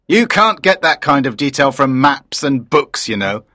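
A man's voice: mid-range voice, sing-song, normal speed, bright, forceful tone, no echo, clean studio sound. A man voicing a proud, enthusiastic production director in his late fifties, in audiobook character dialogue.

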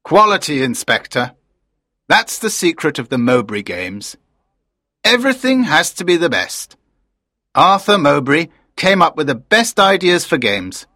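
A man's voice: on the high side, big pitch swings, unhurried, bright, forceful tone, dry recording, studio quality, heavily acted. A man playing a proud, enthusiastic man in his late fifties. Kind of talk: audiobook character dialogue.

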